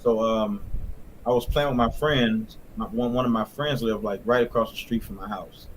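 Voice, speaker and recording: A man recounting a childhood memory in a plain, halting way, with many fillers. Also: on the low side, steady tone, slight background noise. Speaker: guest. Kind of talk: casual storytelling.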